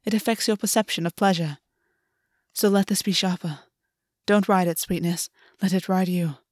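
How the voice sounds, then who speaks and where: A woman voicing a calm, teasing male fae lover who speaks in a low, soothing murmur, from a reader of fan fiction. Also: moderate pace, no echo, studio quality, lightly acted.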